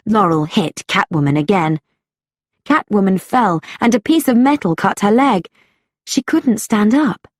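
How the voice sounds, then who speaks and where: Reading a story aloud for learners, a woman narrates at a very slow, measured pace. Her voice is medium in pitch, breathy and soft, yet animated. The audio is dry and close-miked, without echo.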